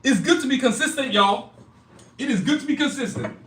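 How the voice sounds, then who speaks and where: A man hosting a live stream, pitching his own comic art and merch in a hyped, casual way, repeating himself and talking straight to viewers. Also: expressive, a little fast, a bit bright, reverberant, a little hiss or hum. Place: indoor studio, clothing hanging behind him.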